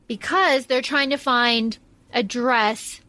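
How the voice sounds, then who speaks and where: A woman's voice: a little high, takes it slowly, pushed and bright, dry recording. A woman co-hosting a podcast in casual chat, enthusiastic and gushing. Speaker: podcast co-host.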